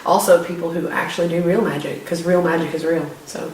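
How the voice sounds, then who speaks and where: A woman's voice: lowish voice, steady tone, fairly quick, a little mellow. Laid-back young woman, echoey room. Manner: laid-back, laughs often. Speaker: podcast co-host. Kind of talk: casual chat. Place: room at home. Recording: roomy, distant mic with faint hiss.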